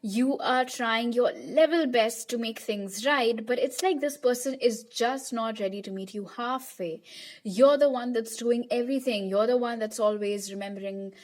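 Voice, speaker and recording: A woman's voice: fairly high pitch, a little slow, a little mellow. A young woman giving a pick-a-card tarot reading to her viewers in a chatty, reassuring way. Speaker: tarot reader.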